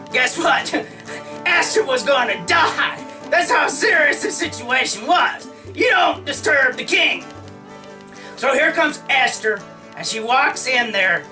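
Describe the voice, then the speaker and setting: A man's voice: very high voice, recorded from a distance, poor audio. A man casually retelling an old story in a slangy, comic way, often acting out the characters' lines. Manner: slangy, full of "like", acts out lines.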